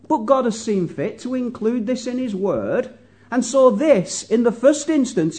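A man's voice: very high-pitched, warm tone, breathy edge. A man preaching a sermon earnestly, putting questions to the congregation and often repeating his words.

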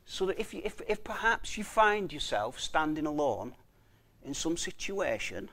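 A man with a fairly high voice delivers a conversational sermon. He reads scripture slowly and deliberately, then talks it through with rhetorical questions and frequent repeated words. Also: very animated, fairly bright tone. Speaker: preacher.

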